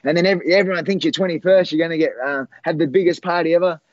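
A man in his forties, a former fighter, telling old fight stories in a rambling, halting way, full of fillers and restarts. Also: fairly high pitch, fairly even intonation, dry recording, dull audio. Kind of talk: casual storytelling.

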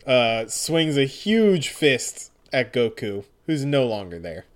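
A man's voice: medium pitch, sing-song, slow, hardly any pauses. A man co-hosting a casual comic read-through, narrating with wry, laughing commentary. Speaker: podcast co-host.

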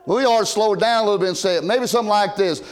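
An older man preaching an old-time sermon from a church pulpit, rising to loud shouted emphasis and dropping to quiet asides. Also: high-pitched, very fast. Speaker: pastor.

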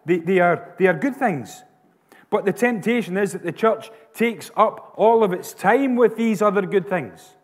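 A Scottish pastor preaching a sermon with emphatic, repeated phrases. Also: male voice, high-pitched, expressive, a little slow, slightly rough, long reverb tail.

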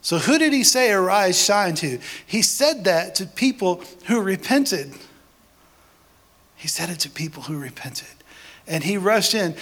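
Male preacher with a fairly high voice, chatty sermon with jokes and rising emphatic peaks. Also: animated, measured pace, a bit bright. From Texas. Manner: conversational preaching with joking asides that builds to emphatic declarations. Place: church service before a congregation.

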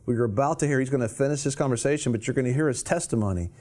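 A man's voice: mid-range voice, very fast, a little mellow. A man hosting a TV show, enthusiastically introducing the next segment. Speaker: TV show host.

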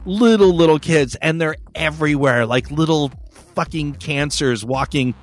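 Profane, rambling man with a slightly high voice. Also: normal speed, faint music behind. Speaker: podcast host. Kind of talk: casual storytelling chat.

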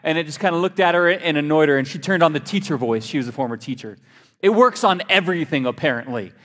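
A higher-voiced man preaches a sermon, telling stories with an easy, joking manner. His voice rings out with a long hall reverb, as in a large church. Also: quick pace. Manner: lively, joking storyteller. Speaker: pastor.

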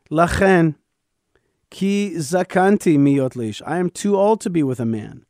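A man's voice: high-pitched, animated, measured pace, a little mellow, no room sound, clean studio sound. Emphatic man teaching scripture. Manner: emphatic, explanatory, with frequent stammered restarts. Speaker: radio show host.

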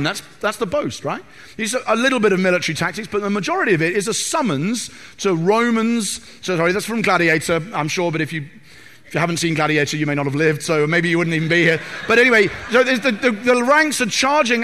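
Lively preacher, high bright voice. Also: male voice. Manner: animated, humorous, acts out film quotes. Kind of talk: sermon. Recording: reverberant hall.

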